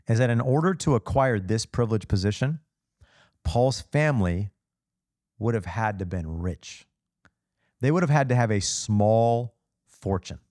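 A man's voice: medium pitch, dry recording, clean studio sound. Man preaching a casual sermon. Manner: asks the congregation rhetorical questions; casual and expressive. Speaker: pastor. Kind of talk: conversational sermon.

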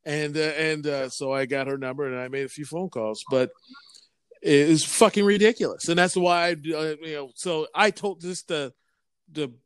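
Man, casual storyteller, smooth clear voice, dry close sound, rambles and swears. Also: fairly high pitch, fairly even intonation, normal speed, dry recording. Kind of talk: casual chat.

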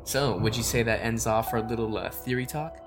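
A man co-hosting a podcast, talking through fan theories in a relaxed, rambling way with lots of fillers. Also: mid-range voice, fairly quick, over loud music. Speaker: podcast co-host. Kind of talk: casual fan theory chat.

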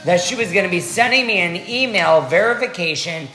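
A woman in casual chat, brash and profane, talking with slow emphasis. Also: fairly low pitch, lively intonation, sharp tone, roomy sound, soft background music. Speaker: podcast guest.

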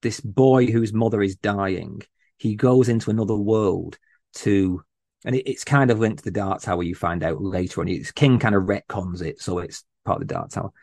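A man's voice: on the low side, normal speed, creaky, darkish tone, dry recording. Earnest, passionate man talking books. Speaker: podcast guest. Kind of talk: casual chat.

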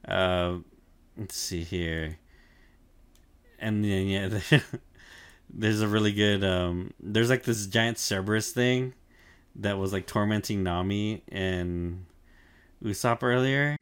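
A man's voice: on the low side, takes it slowly, long pauses, clear, resonant tone, dry recording. A young man chatting casually on a podcast, laid-back and full of "like" fillers, swearing and laughing as he recaps an anime. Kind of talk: casual chat.

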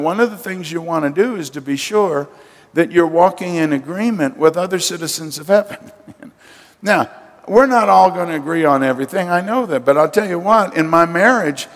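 Long reverb from the church sanctuary surrounds an older pastor whose voice is a little high and fairly bright. He preaches emphatically, calling for his congregation's response.

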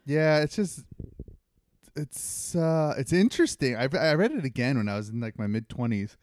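A man co-hosting a podcast in relaxed, plain-spoken casual chat. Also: medium pitch, moderate pace. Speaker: podcast co-host. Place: Los Angeles.

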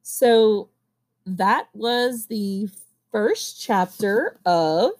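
A woman reading a novel aloud at a steady pace, now and then pausing to correct herself. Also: medium pitch. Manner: steady reading with occasional coughs and self-corrections. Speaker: audiobook reader. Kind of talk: amateur audiobook reading.

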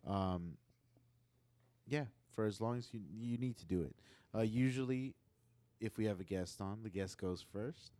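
Dad podcast host, low voice, swears a lot, gets loud telling stories, dry sound. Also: male voice, a little slow, long pauses, no room sound. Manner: swears freely, animated storyteller. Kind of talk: casual chat.

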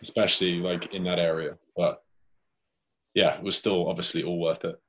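A man with a British accent, a guest telling a lively anecdote in casual chat and acting out the quoted lines. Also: deep voice, normal speed, a little hiss or hum. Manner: lively anecdote, acts out his own and others' quoted lines. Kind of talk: casual storytelling.

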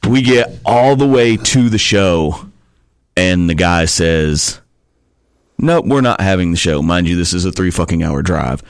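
A man's voice: low-pitched, lively intonation, unhurried, clean tone, no echo, studio quality. A man telling rambling, profane stories as a wrestler guest on a podcast. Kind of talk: casual podcast storytelling.

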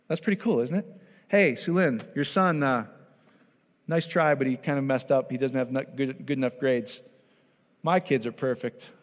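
A male pastor giving a conversational sermon, lively and animated, who keeps checking in with his congregation. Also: mid-range voice, moderate pace, in a large hall.

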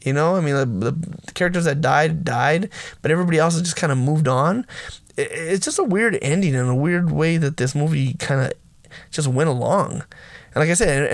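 A man talks through a film review in a loose, excited ramble, circling back and laughing between thoughts. His voice sits a little high with a gravelly edge, and the sound is close and dry with no room around it. He restarts sentences often. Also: no room sound. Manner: enthusiastic, rambling with frequent restarts and fillers; laughs often while talking. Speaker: movie reviewer. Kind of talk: casual spoken film review.

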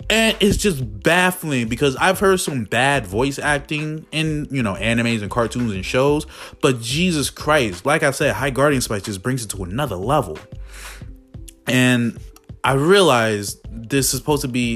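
A man's voice: medium pitch, animated, measured pace, a bit bright. A man reviewing a show in a casual, profane, exasperated rant full of fillers, with faint music behind him. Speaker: video reviewer.

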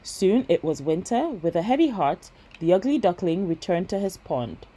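A woman tells a bedtime fairy tale in a gentle, steady read. Her voice sits low and dark with a husky grain. The pacing is calm and unhurried. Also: low-quality recording. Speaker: storyteller. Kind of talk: bedtime story reading.

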